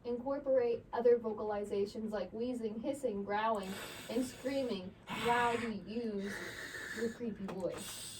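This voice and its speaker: A young woman with a high voice chats on a podcast in a playful, giggly way. She sits a little back from the mic, and faint noise hums underneath. It is casual, unscripted talk. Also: steady tone, measured pace. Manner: playful, giggly, reads aloud from an article. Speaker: podcast co-host. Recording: slightly distant mic with faint background noise.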